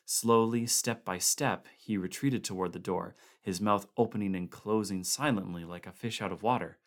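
Low-voiced man reading a story. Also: moderate pace. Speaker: audiobook reader. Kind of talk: story narration.

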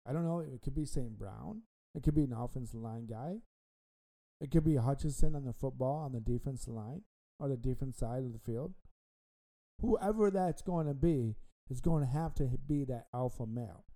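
Rambling man talking sports, dark voice. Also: medium pitch, moderate pace, low-quality recording. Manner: rambling, repeats himself, frequent ums. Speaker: podcast host. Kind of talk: casual sports talk.

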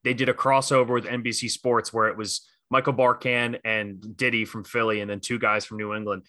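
A man's voice: fairly low pitch, level tone, fairly quick, sharp tone, dry recording. A man co-hosting a casual sports podcast, talking enthusiastically and rambling with fillers and restarts. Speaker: podcast co-host.

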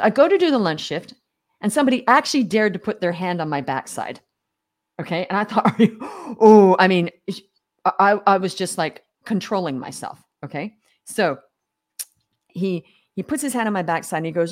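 A middle-aged Australian woman with a lowish voice talks fairly quickly as a guest in a casual podcast interview. She tells her stories energetically and acts out the voices of the people she quotes. She often stumbles and restarts partway through sentences.

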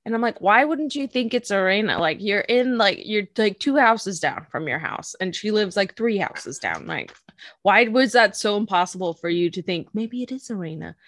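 A woman's voice: medium pitch, normal speed, dry recording. Giggly woman in casual chat. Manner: giggly, animated, acts out quotes in silly voices. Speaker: podcast co-host. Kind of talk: casual chat recapping an anime episode.

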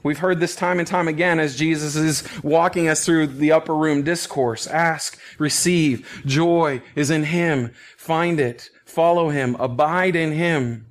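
An earnest male pastor teaching through a passage of scripture, with a voice set a little higher than most men's. He leans hard on key phrases and at times drops almost to a whisper. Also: fairly even intonation, a little slow, few pauses. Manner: earnest, emphatic, with soft laughs and hushed phrases. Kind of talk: expository Bible teaching.

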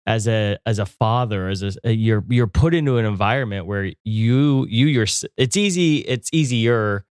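Man, lowish voice, dry sound, podcast host, halting, restarts his question. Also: a little mellow, smooth, no echo. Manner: halting, searching for words as he asks. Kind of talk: interview questions.

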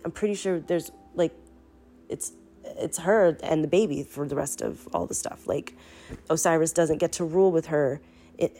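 A woman's voice: lowish voice, darkish tone. A sick young woman casually retelling a spiritual story, rambling and profane, talking straight to her listeners. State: sick, foggy-headed.

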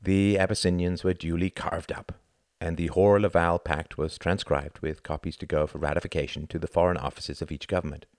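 A man reading a novel aloud as an audiobook narrator, in an expressive style. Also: deep voice, fairly quick, no echo, clean studio sound. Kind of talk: scripted narration.

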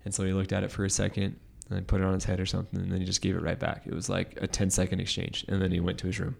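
A man hosting a podcast, telling a sentimental story in a halting, heartfelt way. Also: low voice, completely flat delivery, gravelly, a little mellow. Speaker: podcast host. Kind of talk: casual storytelling.

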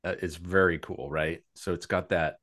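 A man co-hosting a podcast from home over an online call, playful and quick to laugh. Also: deep voice, steady tone, fairly bright tone. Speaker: podcast co-host. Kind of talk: casual chat.

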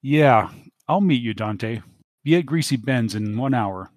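A tough young woman police cadet, voiced by a male game master, sharp and icy. She speaks in his own range, clipped and cold. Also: medium pitch, animated, unhurried, dry recording, lightly acted.

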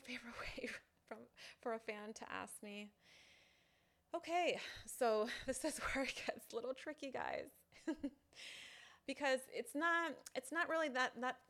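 Chatty woman creator, halting and casual. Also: on the high side, fairly bright tone. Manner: chatty, halting, full of "you know" fillers. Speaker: online content creator. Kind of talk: casual direct-to-camera talk.

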